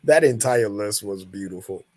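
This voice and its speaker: A man's voice: fairly low pitch, expressive, moderate pace, darkish tone, no echo. A man cohosting a podcast in casual chat, slangy and profane, laughing often.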